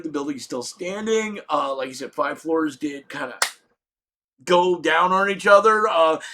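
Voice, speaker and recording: A middle-aged man telling a comedic story with lots of swearing, shouting out his punchlines. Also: high voice.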